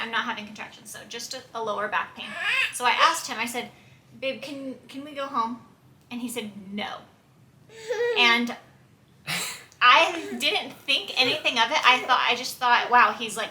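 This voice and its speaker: A woman's voice: fairly high pitch, sharp tone. A woman vlogger telling a story casually with her husband, chatty and laughing, quoting herself. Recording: echoey room, faint background noise.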